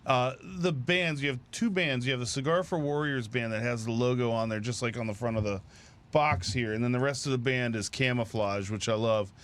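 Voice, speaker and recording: A man's voice: mid-range voice, fairly even intonation, a little fast, a bit bright. Eager man sharing a rambling fan anecdote. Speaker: podcast co-host. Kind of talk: casual podcast chat.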